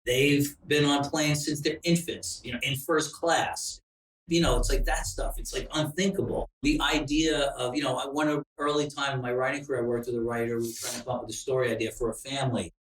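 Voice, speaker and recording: A man's voice: mid-range voice, steady tone, brisk, a bit bright, a little hiss or hum. Candid middle-aged man, roomy distant sound. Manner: candid, profane storytelling. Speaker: screenwriter guest. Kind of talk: casual storytelling chat.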